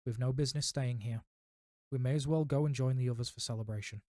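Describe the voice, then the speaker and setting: A man voicing a calm, gentle old wizard headmaster with a dry wit. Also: mid-range voice, fast, no echo, lightly acted.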